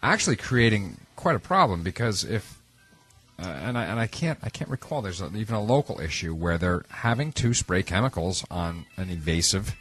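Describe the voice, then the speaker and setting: A man's voice: low-pitched, animated, moderate pace, a bit bright, breathy edge, faint music behind. A man co-hosting a radio show, joking around and often restarting his sentences. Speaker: radio co-host. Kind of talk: casual radio banter.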